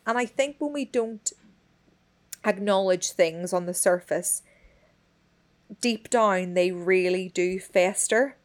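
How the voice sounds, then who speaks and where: A woman, telling a story in casual chat, expressive and swearing freely. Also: medium pitch, slow, long pauses. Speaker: podcast co-host.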